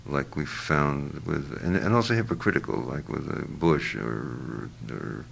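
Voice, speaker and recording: An older man being interviewed, answering in a halting, reflective way with many fillers and restarts. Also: a bass voice, gravelly, a little hiss or hum.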